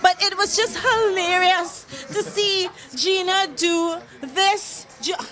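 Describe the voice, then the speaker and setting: A woman's voice: extremely high pitch, slow, a bit bright, faint music behind. A woman interviewing comedians at a comedy event, enthusiastic and effusive. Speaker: interviewer for an online Caribbean network.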